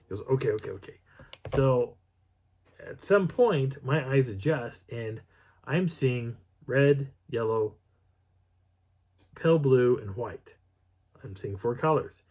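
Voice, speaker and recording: A man's voice: slow pace, pauses often. Middle-aged guy telling a night story on his channel, medium voice, acts out the quotes. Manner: animated, acts out quotes with pitch jumps and whispers. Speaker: vlogger. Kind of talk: casual storytelling.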